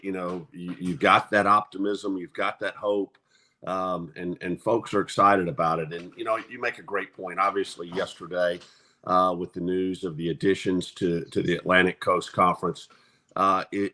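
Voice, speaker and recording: Athletic director guy on sports radio, really deep voice, upbeat and speechy. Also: bright, forceful tone. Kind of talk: casual sports talk.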